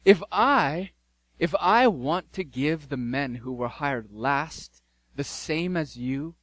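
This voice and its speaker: A firm, generous landowner who presses his workers with challenging rhetorical questions, put on by a preacher mid-sermon. The delivery is slow and a little raised in pitch. The recording is close and dry. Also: lively intonation, a bit bright, no room sound, full character voice.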